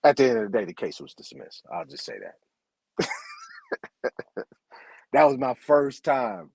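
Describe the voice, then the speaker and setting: A man's voice: mid-range voice, lively intonation, measured pace, vocal fry, darkish tone, no echo. A man telling a long story in a casual chat, laid back and acting out both sides of a conversation.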